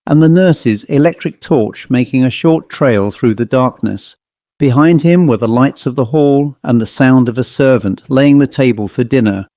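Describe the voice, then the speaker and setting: Man narrating a spooky short story, dark mellow voice, dry close mic. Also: mid-range voice, no echo. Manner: measured, even storytelling. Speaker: audiobook narrator. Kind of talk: scripted literary narration.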